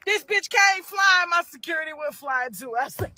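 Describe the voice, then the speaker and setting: A woman telling a story in a loud, profane, laughing way, acting out what others said. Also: extremely high pitch, animated, normal speed, no echo. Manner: loud, profane, laughing often, acts out quotes. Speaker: reunion show host recounting a fight. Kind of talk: casual storytelling.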